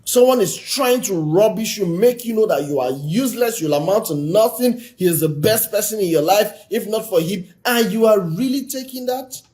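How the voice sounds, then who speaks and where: A man giving a blunt, forceful, exhorting talk on a live stream as a relationship coach. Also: high-pitched, animated, normal speed, hardly any pauses.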